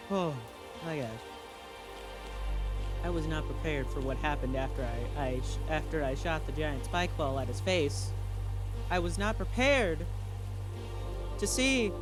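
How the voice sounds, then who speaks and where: A man casually telling a spooky story in an excitable, halting way, full of restarts and exclamations. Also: high-pitched. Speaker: channel host.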